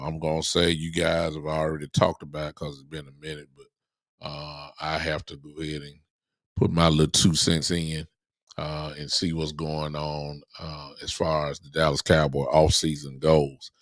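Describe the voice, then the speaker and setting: A man hosting a casual live-stream podcast, rambling loosely and filling pauses with "uh". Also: extremely low pitch, flat delivery, dry recording, studio quality. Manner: rambling, heavy with "uh" fillers. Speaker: podcast host. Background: faint music.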